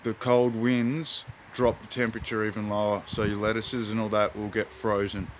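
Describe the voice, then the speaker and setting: A laid-back Australian man wanders through his backyard garden, talking into a phone camera in a meandering, spiritual, slangy way. His voice sits a little low, and faint outdoor ambience hangs behind it. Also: little pitch movement, normal speed, a little hiss or hum. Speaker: hobby gardener vlogger. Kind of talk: rambling outdoor vlog.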